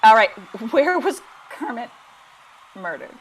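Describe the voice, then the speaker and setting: A woman improv performer running a live game over a video call, playful and animated. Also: a little high, takes it slowly, breathy edge. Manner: animated, bursts into gibberish sounds.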